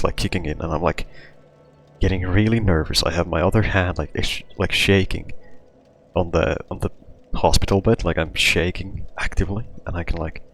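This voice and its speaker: A man's voice: low voice, slight background noise. A man hosting his own show, telling a personal story in a rambling, casual way, full of "like" and restarts. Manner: rambling, heavy use of "like", frequent restarts. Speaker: podcast host.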